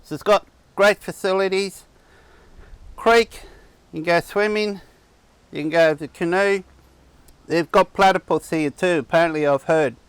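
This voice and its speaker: A man talks casually to camera at an outdoor campsite. His voice is smooth and clear, a touch higher than most men's, and sounds dry with no echo. He rambles and restarts his sentences like a friendly host. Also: unhurried, pauses often. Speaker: camping channel host. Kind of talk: casual vlog chat. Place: outdoor campsite on a cattle property.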